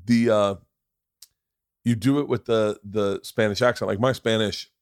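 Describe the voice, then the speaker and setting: A man's voice: on the low side, fairly even intonation, measured pace, clean tone, no echo, clean studio sound. A middle-aged man hosting a casual interview podcast, rambling with many restarts and cursing freely. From Florida. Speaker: podcast host.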